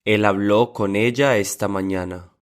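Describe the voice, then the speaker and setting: A man reading example sentences aloud in a language lesson, saying each one twice in a measured way. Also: lowish voice, steady tone, smooth.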